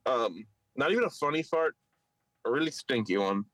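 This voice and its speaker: A man's voice: mid-range voice, lively intonation, moderate pace, fairly bright tone, dry recording, rough recording. A man with a Philadelphia accent, a podcast co-host and stand-up comic, telling a story in casual chat and mimicking others in raised voices. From Philadelphia area.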